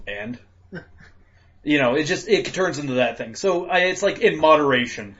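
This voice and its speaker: A man co-hosting a casual podcast, chatting profanely, laughing often and bursting into loud acted-out rants. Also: on the high side, normal speed. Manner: animated, laughs a lot, acts out rants in loud voices. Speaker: podcast co-host. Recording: dull lo-fi podcast audio.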